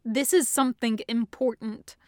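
A woman's voice: on the high side, fairly even intonation, normal speed, dark tone, dry recording, clean studio sound, close to an everyday voice. A woman reading a preoccupied grown man. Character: distracted worked-up adult man.

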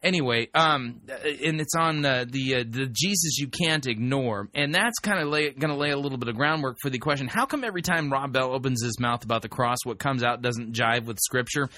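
A man's voice: medium pitch, a little fast, hardly any pauses, sharp tone. A man hosting a talk radio show, speaking in an emphatic, conversational way with frequent restarts.

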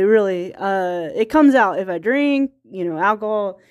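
A woman with a rural Virginia accent hosts a casual solo podcast in a mid-pitched, dry-sounding voice. She rambles and circles back on herself, restarting sentences and laughing lightly between thoughts. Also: normal speed, no room sound. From small-town Virginia. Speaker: podcast host.

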